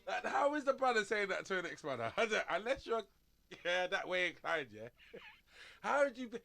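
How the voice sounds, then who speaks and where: A man hosts a radio sports show in loose studio banter. His voice sits high and bright and swoops all over as he tells stories. He rambles in slang and often breaks into laughter. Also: big pitch swings, brisk, creaky.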